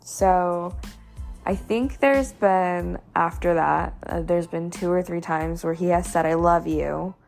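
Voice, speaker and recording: Chatty low-voiced woman with vocal fry. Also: takes it slowly, a little mellow, soft background music. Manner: chatty, many fillers like "you know" and "like". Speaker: storyteller sharing a dating story. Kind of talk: casual storytelling.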